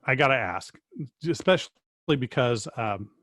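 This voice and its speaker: A man hosting a casual interview, asking questions in a halting way and repeating words as he thinks. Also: medium pitch, lively intonation, fairly bright tone, dry recording, clean studio sound. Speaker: interviewer host.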